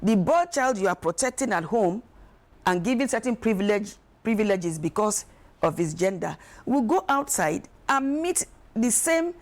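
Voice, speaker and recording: A woman, speaking as an expert guest on a talk show, emphatic and animated, acting out quoted voices. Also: mid-range voice, moderate pace. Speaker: guest expert on emotional wellbeing. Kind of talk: studio talk show discussion.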